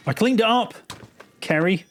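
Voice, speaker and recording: A man's voice: high-pitched, expressive, measured pace, slight background noise. Wry mock-teaching male streamer. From East London. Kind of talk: joking gameplay commentary. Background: game music.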